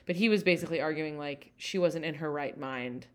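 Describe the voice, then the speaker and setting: A young adult woman co-hosting a casual podcast, talking in a loose, rambling way. Her voice sits low for a woman. She hedges often and pads her sentences with fillers. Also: brisk. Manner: hedging, rambling, full of fillers. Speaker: podcast co-host. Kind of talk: casual chat.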